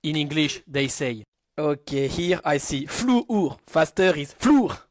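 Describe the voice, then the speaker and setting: A man's voice: a little high, lively intonation, dry recording, clean studio sound. A man with a French accent in a comedic skit, mispronouncing English words on purpose and erupting in mock outrage when corrected. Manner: deliberately mangles English words, then shouts in mock outrage. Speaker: comedy video creator. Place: played from a video clip.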